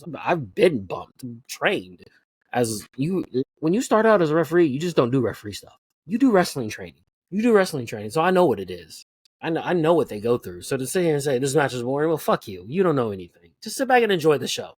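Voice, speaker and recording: A man's voice: mid-range voice, no echo. Guy ranting on his podcast, swears a ton, mid voice, dry close mic. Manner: profane, animated, repeats himself. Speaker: podcast host. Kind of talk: casual chat.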